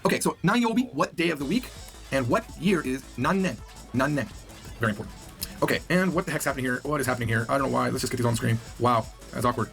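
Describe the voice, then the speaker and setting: Fast, lively male language teacher. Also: medium pitch, creaky, soft background music. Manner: upbeat, chatty, repeats words for drill. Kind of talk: recorded beginner lesson.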